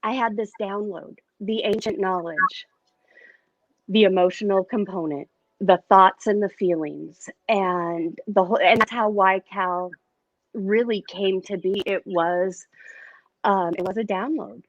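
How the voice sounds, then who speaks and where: A woman speaking as an interview guest and metaphysician, telling her story in a candid, expressive way. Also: mid-range voice, a little slow, no room sound, lo-fi sound. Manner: candid and expressive, lively retelling.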